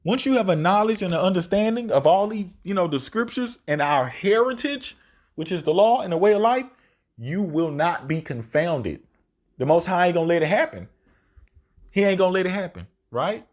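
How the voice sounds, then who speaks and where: A man's voice: high-pitched, expressive, normal speed, a little mellow. A man preaching an informal scripture study, reading verses aloud and tagging points with "right?". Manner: informal, repetitive "right?" tag questions, reads verses aloud.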